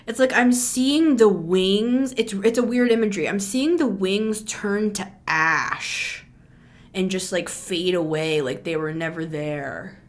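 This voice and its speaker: Slow and medium-pitched, a woman channels a tarot reading in a relaxed, spoken style. She talks bluntly and chattily, leaning on filler words and swearing now and then.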